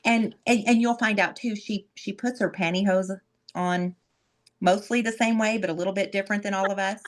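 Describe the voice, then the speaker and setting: A woman's voice: mid-range voice, fairly even intonation, moderate pace. Effusive woman host introducing a guest. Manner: effusive, repeats words when emotional. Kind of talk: warm heartfelt introduction.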